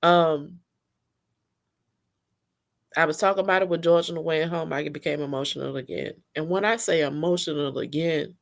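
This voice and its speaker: A woman's voice: sits low, fairly even intonation, moderate pace, creaky, long pauses. A middle-aged woman, tearfully and candidly recounting a hard church rehearsal to her viewers. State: crying at times. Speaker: church singer telling her story. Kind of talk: emotional personal storytelling.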